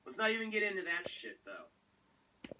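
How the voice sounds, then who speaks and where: A man's voice: sits high, sing-song, a little slow, sharp tone, a little hiss or hum, rough recording. A man hosting a show, ranting sarcastically and with a lot of swearing. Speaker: show host. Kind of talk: ranting commentary.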